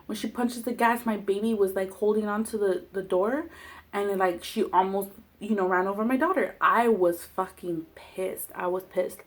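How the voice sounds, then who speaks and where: A woman's voice: mid-range voice, steady tone, moderate pace. Brief: woman, 20s, casual vlogger, profane and heated storyteller. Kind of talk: casual storytelling while eating.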